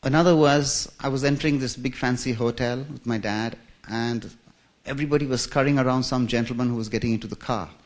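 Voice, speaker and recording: A fairly quick, medium-pitched man from India tells his life story in church with a self-mocking, humorous touch and frequent chuckles.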